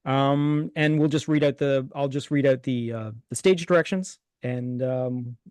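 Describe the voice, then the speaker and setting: A man hosting a movie podcast, talking casually with many fillers and pauses. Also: medium pitch, fairly even intonation, darkish tone, clear, resonant tone, no echo. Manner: halting, many fillers, rambling. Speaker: podcast host. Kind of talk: casual chat, reading a screenplay aloud.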